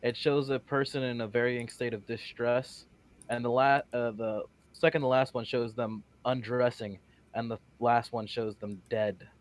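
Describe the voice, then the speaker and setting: A man's voice: medium pitch, fairly even intonation, normal speed. A man playing a tabletop game, chatting casually with sarcastic jokes. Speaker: player.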